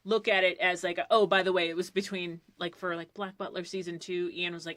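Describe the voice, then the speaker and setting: A woman's voice: lowish voice, little pitch movement, fairly quick, few pauses, fairly bright tone, dry recording. A woman voice actor chatting casually on a podcast, telling a story and acting out the quoted lines, with some swearing. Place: recording booth. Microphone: studio mic.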